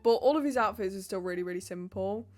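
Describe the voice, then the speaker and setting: A woman's voice: medium pitch, fast. A woman, answering viewer questions in a casual vlog, chatty and bubbly with lots of fillers. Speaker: YouTuber and roleplay voice actor.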